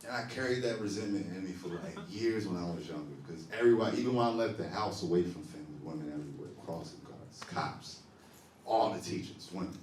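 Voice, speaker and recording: A man's voice: low voice, quick pace, slight background noise. A young man doing a stand-up set in a comedy club, laughing often and working the crowd. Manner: animated, laughing, talks back to the audience. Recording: roomy live club recording from a distance.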